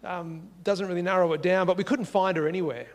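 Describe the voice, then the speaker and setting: Seated at home at a dining table, an Australian man recounts a personal life story with lively, conversational energy, voicing the dialogue as he goes. He has a high voice, talks a little fast, and there's a long reverb tail.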